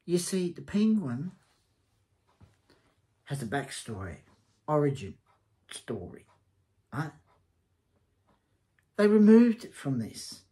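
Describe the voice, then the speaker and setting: A man reviews a TV series in a loose, rambling way. He stumbles over his words, and his pitch swings widely. His voice is dark and mellow, and he talks at an unhurried pace. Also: sing-song. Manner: rambling, hesitant, blunt and scornful. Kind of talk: casual spoken review.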